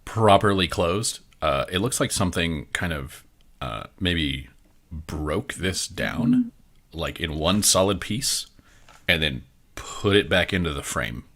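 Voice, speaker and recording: A man runs a tabletop game as game master and narrates the scene in a loose, rambling way. His voice sits very low but has a bright edge. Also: expressive, slow. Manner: rambling, with many fillers and restarts.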